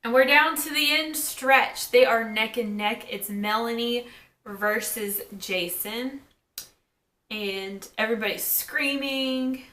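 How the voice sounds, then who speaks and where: Woman, casual episode recap, chatty asides, high-ish voice, echoey room. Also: bright, forceful tone. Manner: chatty, quotes characters in quick asides. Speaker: TV episode reviewer.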